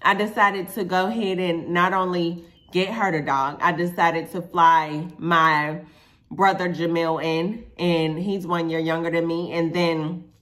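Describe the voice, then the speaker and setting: A woman from Pittsburgh, Pennsylvania, with a fairly low voice, chatting straight to her viewers. She tells a personal story in a loose, conversational way. She leans on fillers and asides to "y'all". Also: a bit bright. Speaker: vlogger. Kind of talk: casual storytime chat.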